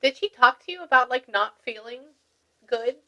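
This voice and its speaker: A woman gives a medium reading, relaying messages in an excitable, chatty way. Her voice is bright and sits somewhat high, and she laughs easily between thoughts. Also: normal speed, poor audio. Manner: excitable, laughs often, relays what a spirit says. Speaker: spiritual medium. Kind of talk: reading session for a client.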